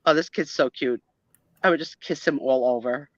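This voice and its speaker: A woman's voice: low-pitched, normal speed, dry recording. A middle-aged woman with a New Jersey accent, chatting animatedly as a guest on a live stream and laughing often. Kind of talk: casual chat. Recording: dull lo-fi stream audio.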